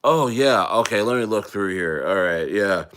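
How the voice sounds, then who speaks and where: A man's voice: fairly low pitch, expressive, normal speed, a bit bright, a little hiss or hum. A man putting on the voice of a prying male office supervisor who questions a worker, with a falsely casual manner full of ums.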